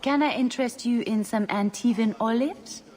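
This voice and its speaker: A woman's voice: fairly high pitch, normal speed, a little mellow, a little hiss or hum, lightly acted. An actress voicing a hesitant, eager-to-please female servant in a video game. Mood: timid. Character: timid young female party servant.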